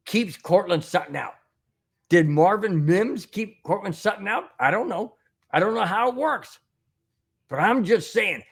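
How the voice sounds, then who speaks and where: A man's voice: high voice, husky. A man hosting a fan sports show, ranting in an emphatic, exasperated way and repeating his points. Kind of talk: fan commentary monologue.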